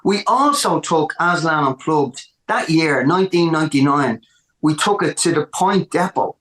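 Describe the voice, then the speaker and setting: Brief: Irish male musician guest, higher voice, lively storyteller, roomy echo. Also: normal speed. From Ireland. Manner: animated, repeats words for emphasis. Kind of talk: casual storytelling interview.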